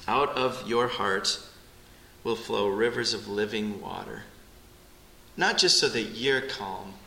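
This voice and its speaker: A middle-aged male pastor preaching a sermon in a church, earnest and urgent by turns, rising to pleading then dropping soft. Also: medium pitch. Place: church sanctuary. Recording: echoey church sanctuary with faint ambience.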